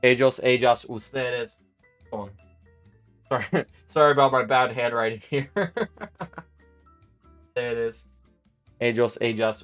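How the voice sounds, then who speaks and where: Smooth-voiced man teaching Spanish live. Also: medium pitch, a bit bright, dry recording. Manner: casual, thinking aloud with fillers and restarts while writing on a board. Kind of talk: live-streamed language lesson.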